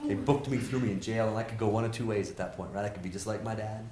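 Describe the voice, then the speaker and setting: A man, a professor, giving a lively motivational talk to students, joking and asking the audience questions. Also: on the low side, fast, slight background noise. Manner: animated, jokey, asks the audience questions. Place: lecture hall with audience. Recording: roomy hall sound.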